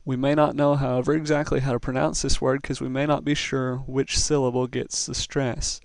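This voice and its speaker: Patient man teaching with a gravelly voice. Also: mid-range voice, little pitch movement, normal speed, dry recording. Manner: patient, methodical explaining. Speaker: Spanish teacher. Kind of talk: recorded classroom lesson.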